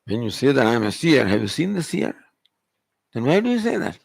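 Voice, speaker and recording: A man's voice: medium pitch, very animated, fairly quick, vocal fry, husky, no echo. Man teaching with rhetorical questions. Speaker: spiritual teacher. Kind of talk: Vedanta discourse. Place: retreat hall.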